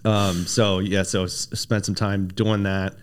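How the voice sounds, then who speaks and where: A man with a very deep, low-set voice spins long stories from his army years in a casual podcast chat. He is animated, piling on fillers, restarts and little asides as he goes. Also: a little slow, clean tone. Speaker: podcast guest, former special operations soldier. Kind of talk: casual interview storytelling.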